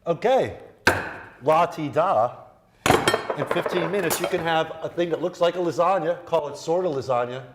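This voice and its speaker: A man with a slightly high voice cooking on a TV studio set. He talks in a loose, joking, rambling way, wandering into stories as he works. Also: quick pace, few pauses, very noisy. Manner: jokey, rambling storyteller. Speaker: guest chef. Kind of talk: cooking demo chat. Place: TV studio kitchen.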